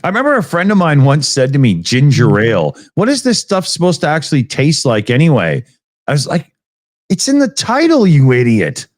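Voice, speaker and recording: A man from Canada co-hosting a casual chat show, talking bluntly with plenty of swearing and lively storytelling. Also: fairly high pitch, fairly quick, no echo, clean studio sound. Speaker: podcast co-host.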